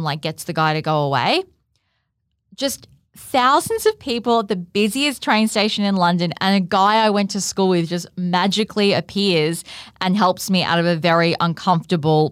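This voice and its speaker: Here an Australian podcast host, her pitch fairly low, tells a casual personal story, leaning heavily on "like" as she chats. There's no echo, just clean studio audio.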